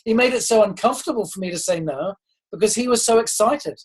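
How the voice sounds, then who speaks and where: A man's voice: sits high, fast talker, slightly rough, poor audio. A man giving a motivational leadership talk on a group call, earnest and encouraging, asking his listeners questions and often restarting with ums. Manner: asks listeners direct questions. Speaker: leadership coach.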